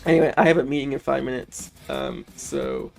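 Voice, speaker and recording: A man's voice: medium pitch, wildly swooping pitch, a little fast, creaky, soft background music. A man hosting a casual post-watch reaction, rambling loosely with lots of fillers and restarts while he is ill. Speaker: channel host reviewing a show.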